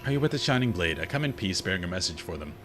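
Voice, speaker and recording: A man's voice: sits low, sing-song, very fast, noisy background. A man voicing a nervous, polite male courier from a fantasy game while reading game dialogue aloud. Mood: uneasy.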